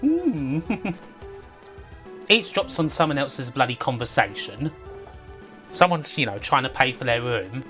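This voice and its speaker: A woman's voice: rumbling low, expressive, measured pace, long pauses, sharp tone, soft background music. Sardonic woman streamer. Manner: sardonic, laughs often, sweary. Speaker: retro games streamer. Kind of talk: casual live commentary.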